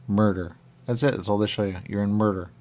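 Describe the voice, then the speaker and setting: Quick and a bit mellow, a man's lowish voice holds a fairly even intonation as he hosts a radio talk show. He wanders through a repetitive, stream-of-consciousness monologue.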